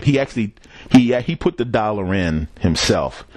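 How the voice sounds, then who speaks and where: A man's voice: medium pitch, animated, a little slow, darkish tone, a little hiss or hum. A man hosting a podcast, telling a rambling, profane story in a casual solo monologue and chuckling at his own jokes. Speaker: podcast host.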